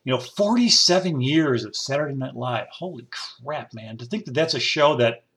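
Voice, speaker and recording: A man's voice: medium pitch, animated, normal speed, a bit bright. A middle-aged man, hosting a rambling solo podcast in a folksy, digressive, enthusiastic way. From upstate New York. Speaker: podcast host.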